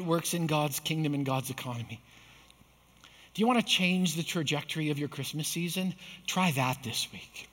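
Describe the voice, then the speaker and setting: A man's voice: on the high side, normal speed, fairly bright tone, in a large hall. A male pastor preaching a sermon, telling stories and building to emphatic repeated points. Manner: storytelling with rising emphatic peaks.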